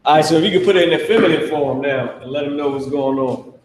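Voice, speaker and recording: A man's voice: fairly high pitch, fast talker, slight background noise. A man teaching a live online class in an emphatic, repetitive way, stretching out his example phrases. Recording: echoey room, far from mic.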